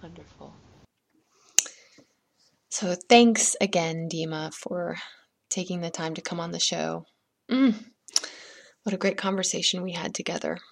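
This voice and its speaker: A woman hosting a podcast, chatting with a guest and gently telling a folktale. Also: on the low side, a little slow, creaky, pauses often. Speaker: podcast host and storyteller. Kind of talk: podcast chat and folktale storytelling.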